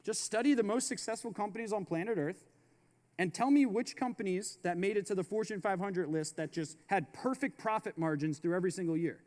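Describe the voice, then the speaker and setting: A man's voice: high-pitched, brisk, a little mellow. A man giving a motivational business keynote. He talks emphatically, repeats his slogans and drops slangy asides. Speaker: keynote speaker. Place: large conference hall. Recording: live hall with long reverb.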